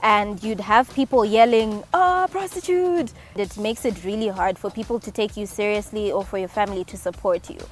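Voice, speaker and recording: A woman's voice: mid-range voice, steady tone, brisk, few pauses, soft background music. A woman from Zimbabwe, a dance instructor, speaking earnestly in an interview. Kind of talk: interview testimony.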